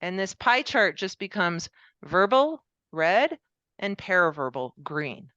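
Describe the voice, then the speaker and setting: Lower-voiced woman giving a talk. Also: dry recording, dull audio. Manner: explanatory, steady with fillers. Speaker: presenter. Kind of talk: pre-recorded conference presentation.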